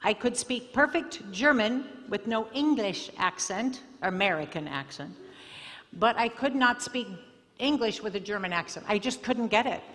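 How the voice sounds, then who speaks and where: A woman storyteller and singer answering student questions at a school assembly in a chatty, expressive way. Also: mid-range voice, normal speed. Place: school auditorium. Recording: long hall reverb, faint music.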